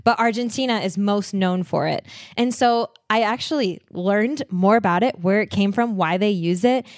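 A woman's voice: mid-range voice, moderate pace, no room sound, studio quality. A woman guest on a podcast, chatting enthusiastically about travel and laughing often. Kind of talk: casual interview chat.

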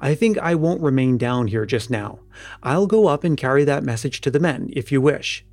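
A man's voice: mid-range voice, lively intonation, normal speed, darkish tone, no room sound, faint music behind, close to an everyday voice. A man reading the lines of a distressed mine owner in a storybook, subdued and weak in manner. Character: distressed middle-aged male mine owner.

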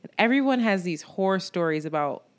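A woman co-hosting a podcast, chatting casually with plenty of swearing. Her voice sits a little low and sounds smooth and clear. She speaks frankly and loosely, like a friend talking. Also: lively intonation, brisk. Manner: candid and profane, with frequent laughs. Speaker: podcast co-host.

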